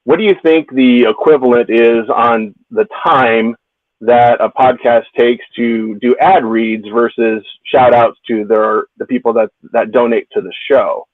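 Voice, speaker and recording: A male caller on his phone in his car, working his way through a rambling question with some hesitation. His mid-pitched voice comes through a narrow, tinny phone line that sounds dry and close. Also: steady tone, a little slow, no echo. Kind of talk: call-in question.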